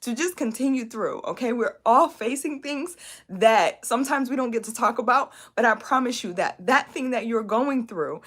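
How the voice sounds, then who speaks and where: A woman's voice: fairly high pitch, lively intonation, moderate pace. A woman business coach giving an emphatic, encouraging motivational talk on a live stream, often asking "okay?" and "right?". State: emotional, near tears.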